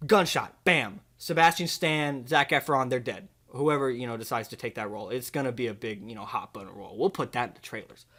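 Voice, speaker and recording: A young man hosting a comedy video, pitching an absurd movie in a rambling, deadpan way full of fillers. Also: a little fast, few pauses.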